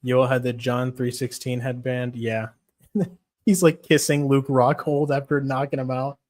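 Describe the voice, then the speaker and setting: Young dude streaming, rambling and swearing a lot, laughs a bunch. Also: male voice, medium pitch, little pitch movement, measured pace, a little mellow. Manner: profane, rambling, laughs often. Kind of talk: casual MMA stream chat.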